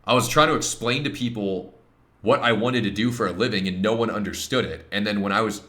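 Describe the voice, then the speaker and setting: Young male streamer, low and forceful, casual profane ranting at a desk mic. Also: brisk. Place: home streaming setup.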